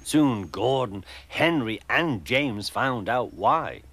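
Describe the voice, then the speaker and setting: A man giving a measured, expressive storybook narration. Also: mid-range voice, no echo. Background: music.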